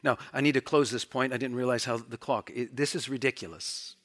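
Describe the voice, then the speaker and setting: A man preaching a sermon, breaking into loud, excited bursts and then dropping to hushed, quiet emphasis, with playful mock taunts when he acts out quoted speech. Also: brisk. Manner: animated, swings from loud bursts to hushed lows.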